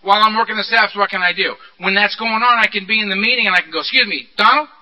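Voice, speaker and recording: A man speaking at a recovery meeting, candid and animated, asking rhetorical questions as he tells his story. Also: high-pitched, racing. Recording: dull lo-fi recording.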